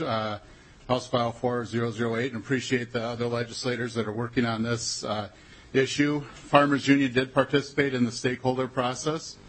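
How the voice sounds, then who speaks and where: A man's voice: mid-range voice, a bit bright, slight background noise, low-quality recording. A man testifying for an advocacy group at a committee hearing, plain and hesitant. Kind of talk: public testimony.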